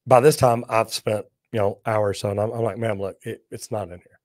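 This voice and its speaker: A man hosting a live plumbing Q&A, telling lively folksy stories and joking as he reads viewer comments. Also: lowish voice, a little fast, no echo, studio quality. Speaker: plumber and show host.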